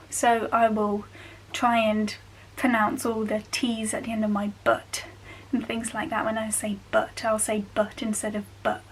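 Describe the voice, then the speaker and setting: A woman's voice: on the high side, slight background noise, rough recording. A young woman from the Black Country with a Black Country accent, explaining things in a chatty, carefully enunciated way as she talks to camera. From Black Country, England. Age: young adult. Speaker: vlogger. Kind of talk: casual talk to camera.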